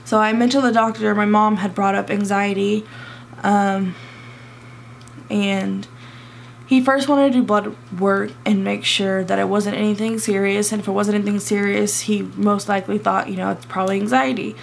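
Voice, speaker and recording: A young woman tells a personal story to her camera, close to tears and stumbling over fillers. Her voice is gravelly and flat, held close to one pitch. A faint hiss sits behind her. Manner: emotional, halting, many fillers. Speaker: vlogger.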